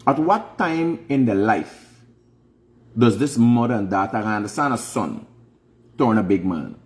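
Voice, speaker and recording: With a lowish, expressive voice and a measured pace, a middle-aged man with a Guyanese Creole English accent lectures emphatically on his casual livestream show. The monologue is preachy and packed with rhetorical questions.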